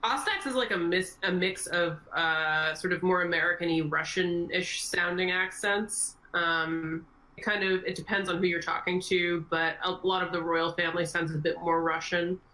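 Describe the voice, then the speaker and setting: A woman's voice: lowish voice, steady tone, moderate pace, pushed and bright, rough recording. A woman game master on a podcast Q&A, explaining at length in a casual, meandering way. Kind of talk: podcast Q&A chat.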